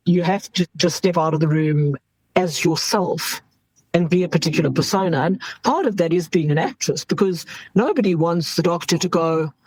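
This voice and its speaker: A woman's voice: lowish voice, normal speed, darkish tone, slightly rough, no room sound, poor audio. A woman in her fifties, an emergency doctor, speaking frankly in an interview and acting out what people say. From South Africa. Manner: frank, acts out quoted voices. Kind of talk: candid interview talk.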